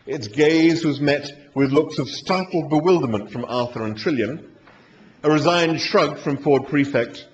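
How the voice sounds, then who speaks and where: A man reading comic fiction aloud live in a dry, wry, animated manner. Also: fairly high pitch, measured pace, slight background noise. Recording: dull lo-fi live recording.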